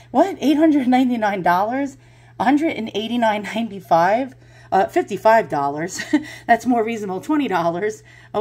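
A woman's voice: medium pitch, darkish tone, slightly rough, dry recording. A woman vlogging casually while out of breath, rambling, laughing and swearing freely. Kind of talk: casual home vlog.

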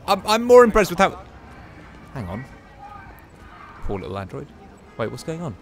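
A gaming YouTuber talks casually over his gameplay, chatty and exclaiming often while musing aloud. His voice is fairly high, with huge pitch swings and a moderate pace.

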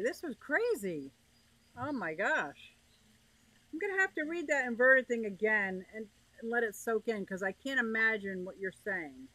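A woman's voice: fairly high pitch, sharp tone, rough recording. A woman hosting a casual livestream, chatting and greeting viewers by name as she reads their comments. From northeastern United States. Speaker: livestream host reading chat.

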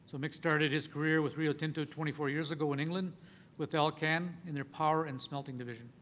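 Man, session chair, slightly high voice, reading speaker bios, faint rumble behind. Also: steady tone, fairly quick, fairly bright tone. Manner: reads bios with small stumbles.

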